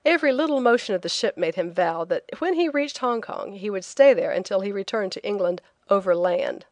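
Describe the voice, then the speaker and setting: A woman reading a travel memoir as an audiobook narrator, telling it in a clear, lively way. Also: medium pitch, fairly quick, dry recording.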